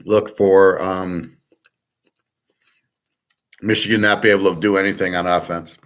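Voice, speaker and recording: A man's voice: low voice, little pitch movement, unhurried, slight background noise. A middle-aged man hosting a sports betting show, talking casually in a blunt, profane, rambling way with many fillers. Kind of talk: casual monologue.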